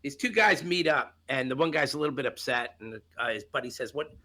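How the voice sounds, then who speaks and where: A man co-hosting a casual podcast chat, telling jokes and stories in an animated way. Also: brisk. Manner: animated joke-telling, jumps high when excited. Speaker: co-host.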